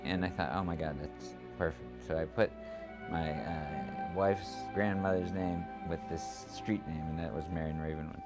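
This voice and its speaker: A male screenwriter calmly explaining how he came up with a character's name. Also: extremely low pitch, normal speed, loud music behind the voice. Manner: calm, thoughtful recollection. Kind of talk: reflective interview.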